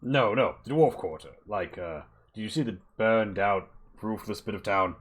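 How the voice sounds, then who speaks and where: A big, gruff bugbear mercenary captain, played by a man with a very deep voice. He is blunt and boastful and sizes people up with questions. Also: moderate pace, fairly bright tone.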